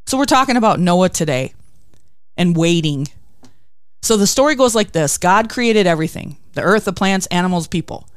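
A woman's voice: lowish voice, normal speed, clean tone, dry recording. Woman with a dry, close sound. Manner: expressive storytelling with acted quotes. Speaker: podcast host. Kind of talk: faith devotional talk.

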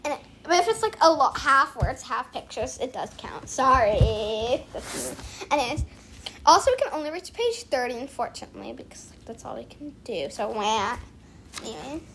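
Bossy high-voiced young girl. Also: very animated, normal speed, gravelly, noisy background. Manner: bossy, chatty, keeps count of pages. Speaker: co-reader. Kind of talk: casual chat and reading aloud.

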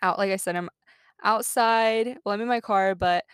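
A woman's voice: mid-range voice, moderate pace, smooth, no echo, clean studio sound. A young woman, chatting casually as a podcast host from her parked car, upbeat and full of fillers. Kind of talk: casual chat.

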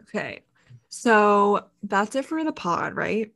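A woman's voice: mid-range voice, sing-song, takes it slowly, creaky, a bit bright. A woman in her twenties co-hosting a podcast in casual chat, chatty and full of "like", laughing often. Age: 20s. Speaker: podcast co-host.

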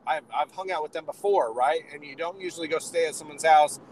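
A hoarse man with a raspy, worn-out throat, rambling and joking in relaxed podcast chat. His voice sits a bit high, and a faint hum of car and road noise runs behind him. He keeps it upbeat despite sounding run down. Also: brisk, poor audio. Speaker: podcast co-host. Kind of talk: casual chat on a phone call from the road. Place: inside a moving car.

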